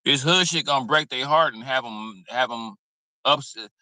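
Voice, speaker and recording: A man's voice: medium pitch, normal speed, bright, forceful tone, no room sound, rough recording. A man giving blunt, preachy, streetwise commentary in a casual reaction video, cursing freely. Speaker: commentary host.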